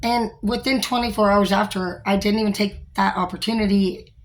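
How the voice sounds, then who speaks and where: A woman's voice: mid-range voice, fairly even intonation, normal speed. A young woman, a store manager, talking frankly and rambling in a casual vlog, with many fillers and some swearing.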